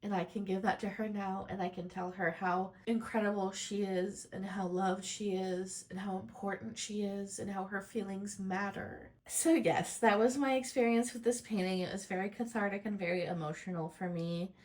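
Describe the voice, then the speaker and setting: A woman making a casual crafting vlog, speaking in a soft, heartfelt, rambling way. She sounds tearful and close to crying. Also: mid-range voice, fairly even intonation, moderate pace, few pauses. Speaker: crafting YouTuber.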